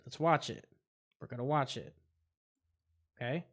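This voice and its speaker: A man's voice: mid-range voice, a little slow, noisy background. A man hosting a casual livestream chat, rambling as he reacts aloud to clips. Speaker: host.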